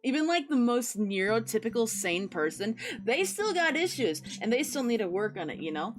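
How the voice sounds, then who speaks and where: A very animated young woman with a fairly high voice chats at a moderate pace with her viewers as she draws, rambling through encouraging advice and playful sing-song noises on her casual livestream.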